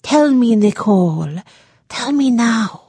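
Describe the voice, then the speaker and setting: Woman reading as an anxious mother, gentle, hushed, urgent, slightly raised pitch. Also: animated, slow pace, husky, no room sound, full character voice. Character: anxious loving mother in a farm kitchen.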